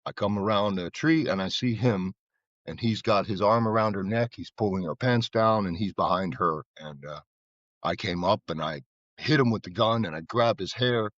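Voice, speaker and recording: A man's voice: on the low side, moderate pace, a bit bright, no echo, lo-fi sound. An American man from Florida, a guest telling loose, rambling stories in casual conversation, with lots of "you know" and repeated words. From Florida, USA. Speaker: guest, flower bike artisan.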